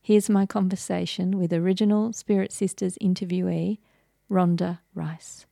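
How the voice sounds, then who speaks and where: A woman hosting a podcast, interviewing a guest in a slow, deliberate, encouraging way. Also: on the low side, little pitch movement, gravelly, mellow, no room sound, studio quality. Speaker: podcast host.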